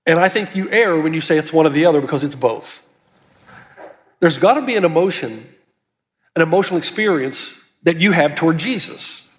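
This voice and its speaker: A man's voice: a little high, animated, fairly quick, in a large hall. A man preaching a sermon as pastor, earnest and emphatic, with urgency that builds as he presses his points.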